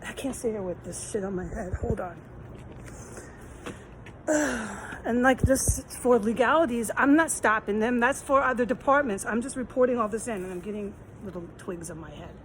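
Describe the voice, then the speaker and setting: A woman's voice: a little high, moderate pace, slight background noise, low-quality recording. A woman filming herself outdoors on a city street, talking in a rambling, aggrieved, repetitive way while hot and tired. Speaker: vlogger. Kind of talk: rambling walk-and-talk vlog.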